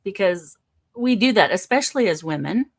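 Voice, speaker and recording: A woman from Canada co-hosting a spiritual livestream, chatting casually with an expressive, laughing delivery over a video call. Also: mid-range voice, normal speed. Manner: expressive and laughing, with lively shifts in tone.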